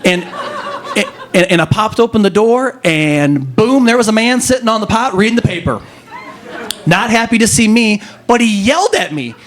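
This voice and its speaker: A man performing a stand-up comedy set, telling stories with animated, rising punchlines. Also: normal speed. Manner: animated storytelling, jumps to high pitch for punchlines.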